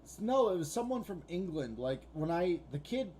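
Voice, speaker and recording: A man's voice: sits high, sing-song, normal speed, dark tone, slight background noise. Rambling, foul-mouthed man telling a story. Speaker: podcast co-host. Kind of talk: casual chat.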